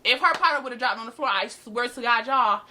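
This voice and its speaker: A woman's voice: fairly high pitch, quick pace, slight background noise. Sassy eighteen-year-old woman telling a story. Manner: animated, sassy, addresses viewers as y'all. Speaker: vlogger. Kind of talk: storytime vlog.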